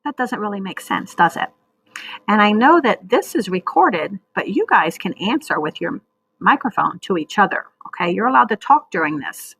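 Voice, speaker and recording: A woman teacher leading a recorded reading lesson for young children, speaking slowly and patiently and sounding out words. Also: mid-range voice, big pitch swings, vocal fry, fairly bright tone, husky, low-quality recording.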